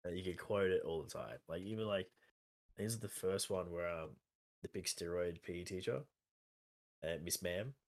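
A man co-hosting a podcast in casual chat, animated and chuckling as he talks. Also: low-pitched, normal speed. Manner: animated, chuckles while talking. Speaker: podcast co-host.

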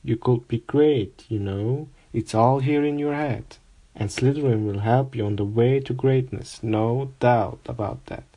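A man voicing an old magical talking hat that muses slowly over its choices in a storybook reading. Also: mid-range voice, warm tone. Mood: musing. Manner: musing, drawn-out and pondering.

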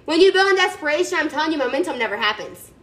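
High-pitched sassy lady hyping up her team on a video call, chatty and emphatic. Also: expressive, rapid-fire, a bit bright, rough recording. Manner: sassy, chatty, emphatic, addresses listeners as y'all. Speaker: team leader speaking to her sales team. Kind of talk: motivational pep talk.

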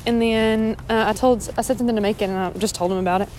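A woman's voice: fairly high pitch, steady tone, quick pace, darkish tone, a little hiss or hum. A young woman talking casually to her phone in a parked car, rambling with lots of fillers and "like"s as she recaps her day. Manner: chatty, rambling, many fillers and "like"s. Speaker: vlogger. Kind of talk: casual diary vlog.

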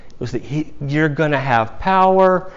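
A man's voice: fairly high pitch, expressive, normal speed, clear, resonant tone, muffled recording. A male pastor from the United States preaching a sermon in a conversational way, with casual asides to the congregation.

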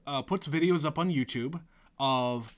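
A podcast co-host in casual movie chat, relaxed and agreeable, with many short affirmations. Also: mid-range voice, unhurried.

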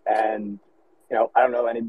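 A man's voice: mid-range voice, expressive, fairly quick, creaky. A man in a casual online discussion, asking his question in a tentative way. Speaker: panel guest. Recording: muffled call with faint background ambience.

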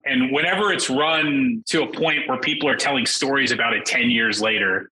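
Middle-aged guy on a podcast, super bright tense voice, chatty, jumps up high doing quotes. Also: moderate pace, few pauses, a little hiss or hum, low-quality recording. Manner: animated, acts out quotes in raised voices. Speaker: tabletop game designer, guest. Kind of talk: casual podcast chat.

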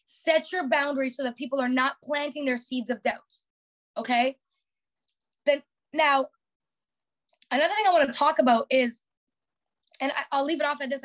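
Young female podcast host, high voice, motivational, emphatic and repetitive, filler-heavy casual delivery. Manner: emphatic, repeats key phrases, frequent "like" fillers.

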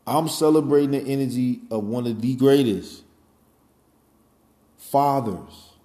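With a mellow, medium-pitched voice and a measured pace, a man in his forties talks casually and at length. He wanders off topic, swears freely, and leans on "you know" and "man," all in a reverberant space.

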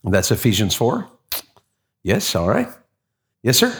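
A man's voice: on the low side, wildly swooping pitch, unhurried, fairly bright tone. A man leading a church class, folksy and encouraging, asking the room for verses. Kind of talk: interactive sermon.

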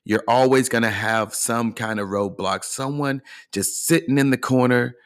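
A man's voice: mid-range voice, normal speed, clear, resonant tone. A man hosting a motivational coaching podcast, speaking earnestly and encouragingly, often checking in with the listener. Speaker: life and fitness coach, podcast host.

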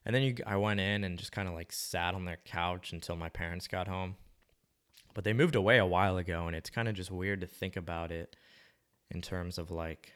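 A man's voice: deep voice, steady tone, a little fast, fairly bright tone. A young man rambling casually to the camera, musing in a slangy, laid-back way with plenty of swearing.

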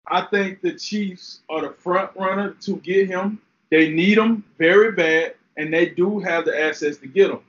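A young man co-hosting a sports talk show, animated and slangy as he argues his take. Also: on the high side, lo-fi sound. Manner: fired-up, talks trash, slangy. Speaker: podcast co-host, former player.

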